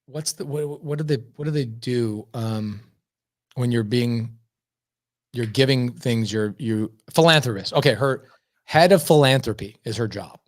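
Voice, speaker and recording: Energetic man telling stories in a chat. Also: mid-range voice, measured pace, no room sound, clean studio sound. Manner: energetic, emphatic, repeats words for effect. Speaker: podcast guest. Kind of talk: casual storytelling chat.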